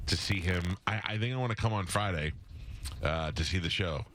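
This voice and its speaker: Radio host guy, lowish voice, easygoing and chatty, says yeah a lot. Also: moderate pace, fairly bright tone. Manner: easygoing, chatty, lots of agreeing. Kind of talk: casual radio chat.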